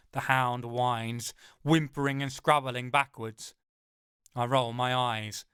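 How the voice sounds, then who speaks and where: Slow, bright-voiced narrator. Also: male voice, medium pitch, fairly even intonation, clean tone, no room sound, clean studio sound. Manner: dramatic, wry, slows for emphasis. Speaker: audiobook narrator. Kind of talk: first-person audiobook narration.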